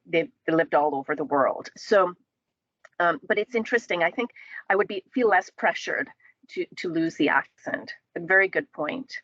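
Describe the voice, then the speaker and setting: A woman from the Caribbean speaks thoughtfully in a casual panel discussion, pausing on fillers and restarting her sentences. Her voice sits fairly low and sounds very dry and close. The audio is a bit dull and lo-fi. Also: fairly bright tone, no echo.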